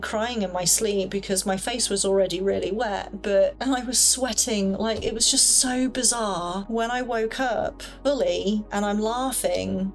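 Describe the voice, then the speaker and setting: A young woman casually telling a personal story in a chatty, rambling way full of fillers. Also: mid-range voice. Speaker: paranormal storyteller.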